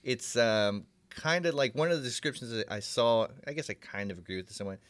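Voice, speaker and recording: A man co-hosting a podcast, talking in lively, swear-filled rants. His voice has a middle pitch. The sound is dry and close, with no room echo. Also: a little fast. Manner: animated, ranting, swears often. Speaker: podcast co-host. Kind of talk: casual chat.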